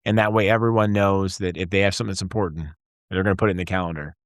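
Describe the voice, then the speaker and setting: Male guest in his 40s, low-pitched, dry close sound, animated storyteller. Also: rapid-fire, no room sound. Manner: energetic storyteller, acts out dialogue. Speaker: guest entrepreneur. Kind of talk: casual interview conversation.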